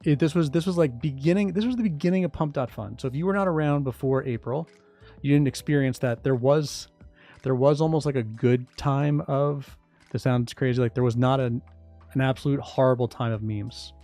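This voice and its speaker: A man talking casually on a livestream about his crypto project, rambling, restarting sentences and getting excited. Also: mid-range voice, fairly quick, faint music behind. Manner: rambling, self-interrupting, excitable. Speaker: crypto project founder and streamer.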